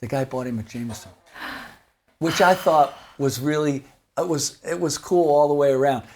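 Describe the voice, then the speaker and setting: A man's voice: a little high, normal speed, a little hiss or hum. A man in his seventies, a guitar maker, talking casually in an interview, rambling and laughing as he tells stories. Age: 70s. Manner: rambling, animated, laughs while telling stories. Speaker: guitar maker and company founder.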